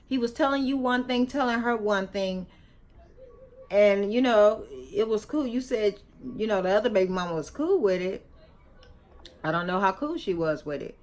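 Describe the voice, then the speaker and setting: A woman talks straight to her viewers in a casual reaction vlog. She lectures and scolds, repeating her points for emphasis in loose, slangy speech. Her voice sits at a medium pitch. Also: moderate pace. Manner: casual slangy talk, chewing gum. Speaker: vlogger reacting to a video.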